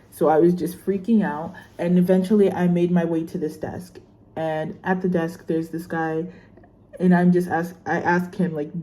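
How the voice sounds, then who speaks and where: A woman's voice: lowish voice, warm tone. A young woman vlogging casually as a student, chatty and rambling with lots of fillers while she unboxes a laptop. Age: young adult. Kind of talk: casual unboxing vlog chat.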